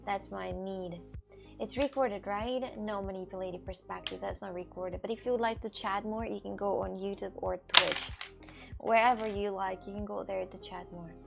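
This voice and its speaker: A woman's voice: mid-range voice, fairly even intonation, moderate pace, gravelly, music in the background. A woman in her twenties chatting casually with her viewers on a live stream, rambling from one thought to the next. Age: 20s.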